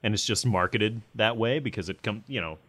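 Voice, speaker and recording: A man's voice: on the low side, fairly quick, fairly bright tone. A man hosting a metal podcast, chatting casually with lots of fillers and restarts. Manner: rambling, many fillers. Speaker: podcast host.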